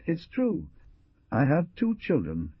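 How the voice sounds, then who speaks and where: A man's voice: fairly high pitch, huge pitch swings, takes it slowly, breathy edge, no echo, pitched above the performer's own voice, exaggerated voice. A man voicing a grief-stricken husband who speaks in broken, pleading phrases. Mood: distraught. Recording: dull lo-fi dry recording.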